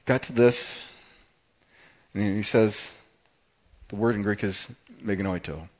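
Fiery man preaching a sermon, lo-fi. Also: on the low side. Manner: builds from quiet to fiery, emphatic preaching. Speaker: pastor.

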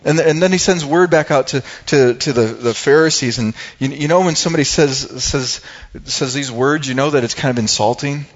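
A man's voice: medium pitch, fairly quick. A man preaching a sermon in a conversational way, asking his congregation questions. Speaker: pastor. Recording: dull lo-fi sound.

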